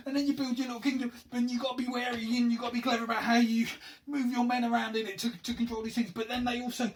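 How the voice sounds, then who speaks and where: Middle-aged man, high voice, talks fast, off-the-cuff vlog ramble, a bit far from the mic. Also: little pitch movement. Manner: rambling, self-deprecating, loses his words. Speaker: board game box maker and reviewer. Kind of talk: rambling unscripted vlog chat. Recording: slightly distant mic with faint noise.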